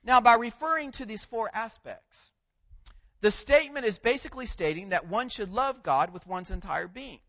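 Male preacher, high voice, deliberate and emphatic sermon delivery, muffled lo-fi sound. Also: lively intonation, fairly bright tone. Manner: measured, emphatic delivery with pauses on key words.

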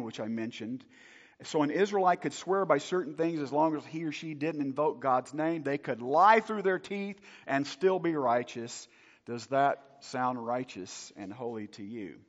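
Animated man preaching in a reverberant hall. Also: medium pitch. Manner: emphatic, animated preaching with rhetorical questions. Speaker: pastor. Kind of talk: sermon. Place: church hall. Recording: dull recording with long hall reverb.

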